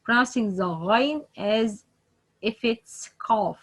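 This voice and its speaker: A woman teaching Quran letter pronunciation online, speaking haltingly with many fillers and repeated example sounds. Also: medium pitch, dull audio.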